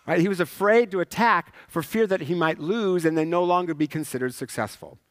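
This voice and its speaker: A male pastor delivers a sermon in a casual, conversational manner and keeps checking in with the listeners. His voice is a little higher than most men's. The sound is dry and close, with no room echo. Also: brisk. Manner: conversational, asks "right?" often, acts out characters.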